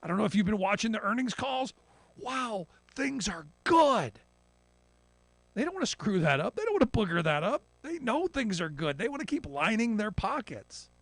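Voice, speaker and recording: A man giving animated political commentary on a talk radio show, often mocking politicians in imitation. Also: high voice, quick pace, few pauses, no room sound.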